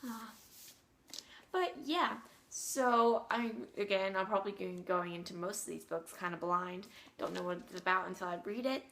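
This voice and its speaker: A woman's voice: mid-range voice, normal speed, fairly bright tone. Bubbly teen girl gushing over books. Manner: bubbly, gushing, rambling with fillers. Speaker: book vlogger. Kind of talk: casual book haul chat.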